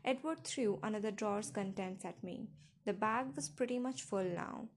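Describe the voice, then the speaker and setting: A woman's voice: medium pitch, normal speed, a little hiss or hum. A woman narrating a first-person novel in an intimate, emotional storytelling manner. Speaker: audiobook narrator.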